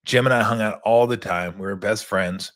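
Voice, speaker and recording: Animated middle-aged male storyteller. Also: lowish voice, normal speed. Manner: animated, repeats words. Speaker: host, former basketball player. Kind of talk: casual storytelling.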